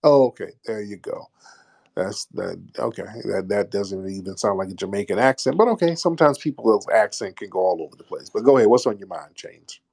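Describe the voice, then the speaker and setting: A man's voice: fairly low pitch, fairly quick, vocal fry, a little mellow. A man hosting a live call-in room, bantering with callers in a crude, mocking, joking way.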